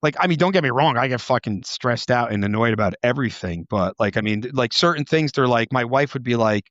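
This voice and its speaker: A man hosting a casual podcast, rambling through stories with constant fillers and plenty of swearing. His voice sits at a middle pitch and sounds a little muffled and lo-fi. The room is dry, with no echo. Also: lively intonation, fast talker, a bit bright. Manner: rambling, heavy filler words, frequent swearing. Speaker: podcast host, former police officer. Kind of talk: casual podcast chat, storytelling.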